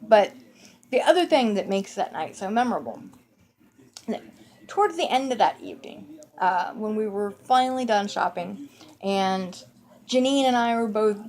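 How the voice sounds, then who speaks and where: A middle-aged woman tells a childhood story in a meandering, conversational way, full of asides and fillers. Her medium-pitched voice is expressive and a little mellow, moving at a moderate pace with frequent pauses.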